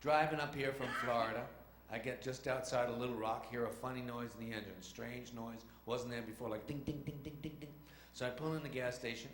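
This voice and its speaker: A man's voice: mid-range voice, steady tone, a little fast, fairly bright tone, slight background noise. A male stand-up comedian tells rambling, chatty stories and throws in sound effects. His mid-range voice rings through an echoey theater with a faint audience murmur. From New York. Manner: chatty, acts out voices and engine noises. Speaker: stage comedian. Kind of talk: stand-up storytelling. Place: theater stage.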